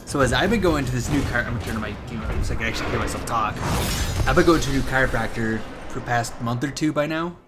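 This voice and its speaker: Talking fast in a mid-range voice, a young man tells a story in casual gameplay commentary that rambles, full of swearing and laughter. Game audio and music run underneath; he's a gaming commentator.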